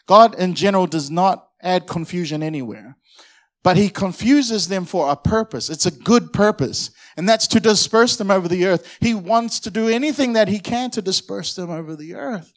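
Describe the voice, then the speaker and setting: Energetic preacher guy, pretty high voice, gets the crowd to shout back. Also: moderate pace. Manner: energetic, audience call-and-response. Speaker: pastor. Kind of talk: sermon.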